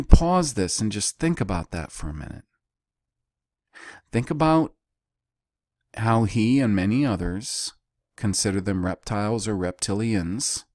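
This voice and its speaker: A man teaching a Bible study in a deliberate way. He repeats key words and pauses between phrases. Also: lowish voice, a little mellow, no room sound, studio quality.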